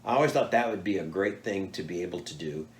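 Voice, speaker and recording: An older man from the United States telling casual stories, acting out the people he quotes with lively voices. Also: sits low, quick pace. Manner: animated, acts out quoted people. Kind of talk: casual storytelling. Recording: echoey room.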